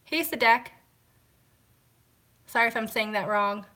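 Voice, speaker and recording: A woman's voice: fairly high pitch, measured pace, bright, forceful tone. A woman hosting a casual live stream at home, chatting to viewers, greeting them and answering comments while washing glasses by hand.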